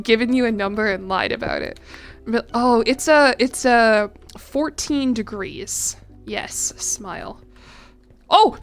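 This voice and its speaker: A woman's voice: a little high, fairly bright tone. A young American woman chatting casually on a game stream, reading chat aloud with a chatty, self-deprecating manner. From United States. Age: young adult. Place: home room.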